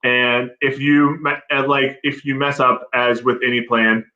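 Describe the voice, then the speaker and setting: Male guest, casual and rambling, bright tone, a bit lo-fi. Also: mid-range voice, little pitch movement, a little slow, roomy sound. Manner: rambling with many fillers and restarts, earnest. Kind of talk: casual chat.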